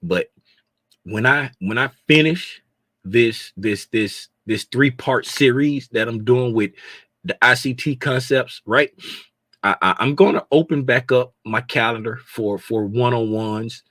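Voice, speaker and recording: A middle-aged man hosting a casual livestream, greeting viewers by name, sometimes dropping to a hushed, confiding tone. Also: mid-range voice, a little slow, dry recording. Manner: drops to a hushed, confiding tone at times. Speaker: livestream host.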